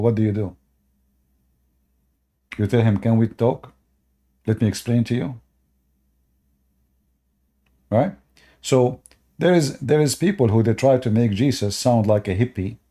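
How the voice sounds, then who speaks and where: Blunt man with a mellow, dark voice. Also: on the low side. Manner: blunt, dismissive, repeats words. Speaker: host. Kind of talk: live-stream debate talk.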